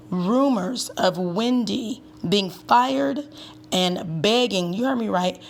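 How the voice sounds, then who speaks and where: A woman's voice: mid-range voice, gravelly. A woman giving a sassy, chatty recap with emphatic asides, as the host of her own channel. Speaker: tarot reader and reality TV recapper. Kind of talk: casual commentary.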